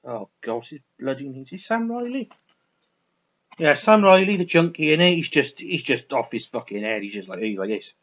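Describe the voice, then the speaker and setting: A man's voice: medium pitch, big pitch swings, normal speed, a bit bright. A man rambling through a casual film review, restarting sentences and swearing freely. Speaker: vlogger reviewing films. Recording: dull lo-fi recording.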